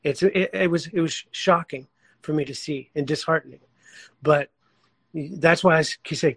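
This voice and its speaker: A man who works as a coach, a guest in a casual chat, speaking earnestly and quick to agree with the host. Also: on the high side, fairly bright tone, husky, no echo.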